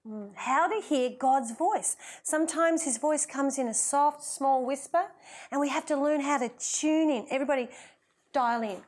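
High-voiced woman teaching kids. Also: normal speed, a little mellow. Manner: playful, encouraging, coaxing children. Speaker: children's minister. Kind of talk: kids' Bible lesson. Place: kitchen.

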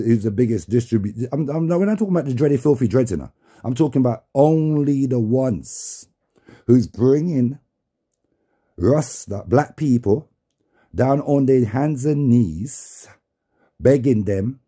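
Brief: man vlogging, heated preachy rant, deep mellow husky tone. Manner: heated, repetitive, profane, preaching. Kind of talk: angry rant to camera.

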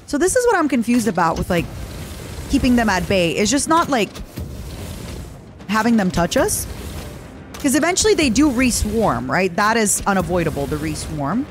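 Excitable woman streamer, lively pitch. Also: normal speed, long pauses, soft background music. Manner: excitable, gushing, playful. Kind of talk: live gameplay commentary.

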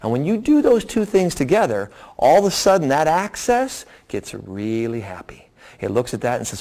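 Middle-aged male doctor, seminar talk, folksy and animated, plain mid voice. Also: medium pitch, normal speed. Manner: lively, folksy explanations with acted-out quotes. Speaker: doctor presenting a weight loss program. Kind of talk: seminar talk answering audience questions.

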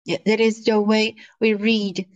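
A woman's voice: mid-range voice, flat delivery, unhurried, poor audio. A woman teaching an online lesson in English, patient, stretching out syllables as she models them over a video call. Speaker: Mandarin teacher.

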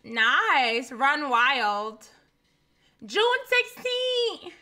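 A woman's voice: sits high, very animated, extremely slow, bright, forceful tone. A woman casually reacting to a game trailer in a chatty vlog, repeating herself and laughing easily.

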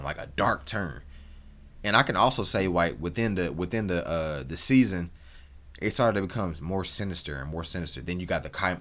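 A man's voice: low voice, fairly bright tone. A man hosting a reaction video, talking in a frank, rambling, slang-heavy way with lots of restarts. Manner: frank and opinionated. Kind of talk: casual reaction commentary.

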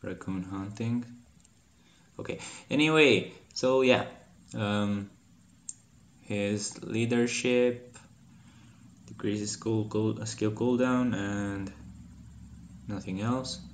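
A man hosting a gaming channel, giving casual gameplay commentary, profane and swearing freely, with animated outbursts of mock anger. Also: on the low side, drawn-out words, long pauses, reverberant.

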